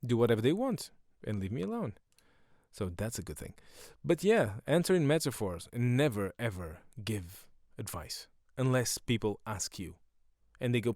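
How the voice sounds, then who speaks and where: A middle-aged man hosting a solo podcast, rambling sardonically and breaking into quick silly voices. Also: fairly low pitch, sing-song, vocal fry, darkish tone, no echo, clean studio sound. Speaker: podcast host.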